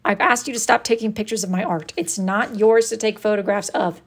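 A woman's voice: medium pitch, fairly even intonation, brisk. A woman hosting a casual live stream, reading viewer messages aloud in a dry, sarcastic, mock-scolding way. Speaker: wood-burning artist hosting a live stream.

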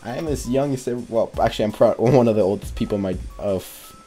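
A man's voice: on the low side, fast talker, dark tone, soft background music. A teenage boy telling a casual storytime to his viewers, rambling and correcting himself as he goes. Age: teens. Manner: rambling, self-correcting, laughs while telling. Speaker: YouTuber.

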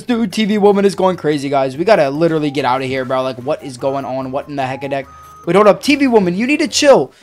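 A woman narrating a game role-play casually, in an excitable, slangy way, often yelling in alarm. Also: deep voice, quick pace. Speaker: gaming video creator.

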